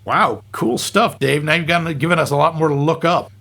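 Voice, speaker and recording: A man with a husky, somewhat raised voice co-hosts a casual film podcast. He talks in a wry, joking way and reads out listener comments between asides. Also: a little high, brisk, a bit bright. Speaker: podcast co-host.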